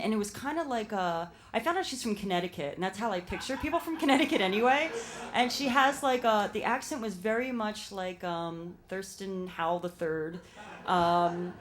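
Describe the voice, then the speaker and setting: A young woman with a Philadelphia accent telling a personal story live on stage, chatty and filler-heavy. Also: mid-range voice. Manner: chatty, fast when nervous, lots of fillers.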